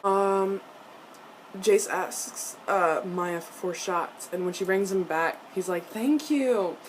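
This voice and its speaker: A young woman reacting to a TV episode in a casual vlog, animated and profane, with frequent laughs. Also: fairly low pitch, takes it slowly, a little hiss or hum. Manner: laughs often between lines.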